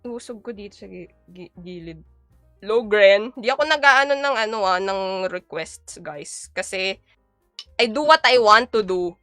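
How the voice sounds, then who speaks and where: A woman's voice: medium pitch, normal speed, fairly bright tone, no echo. A young woman from the Philippines with a Filipino accent, chatting on a live stream while she cooks, reading viewers' comments aloud and switching between Tagalog and English. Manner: chatty, reads chat aloud and answers viewers. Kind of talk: casual live-stream chat while cooking. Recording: dry close sound with faint background music.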